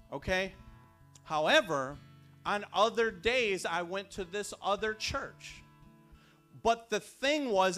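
A man preaching a sermon, telling personal stories and building to fervent shouts. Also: high-pitched.

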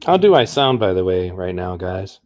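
A man's voice: deep voice, big pitch swings, moderate pace, a little mellow. A man hosting a livestream in a rambling, upbeat, chatty way. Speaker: livestream host. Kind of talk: casual livestream chat.

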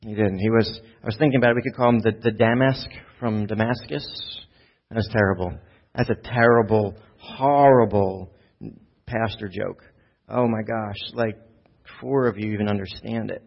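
A man's voice: fairly low pitch, normal speed, gravelly, lo-fi sound. A man giving a sermon as a pastor, talking in a casual, conversational way and putting questions to the congregation.

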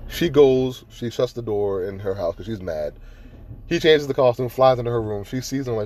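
Mellow-voiced man ranting on a podcast. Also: medium pitch, moderate pace. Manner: profane, ranting, growing heated. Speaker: podcast host. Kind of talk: casual review chat.

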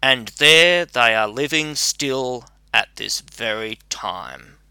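A man reading a fairy tale aloud as an audiobook narrator, measured and deliberate, on a close mic. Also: medium pitch, animated, sharp tone, smooth, no room sound. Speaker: audiobook reader. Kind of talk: scripted storybook narration.

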